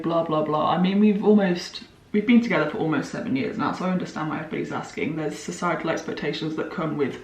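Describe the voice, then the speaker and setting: A chatty woman in her twenties talks through her makeup routine, bubbly and gushing. She sits some way back from the mic. The room around her is roomy and echoey. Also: deep voice. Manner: gushing, chatty, quick to laugh. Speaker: beauty vlogger. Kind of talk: chatty get-ready-with-me monologue. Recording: roomy echo, mic at a distance.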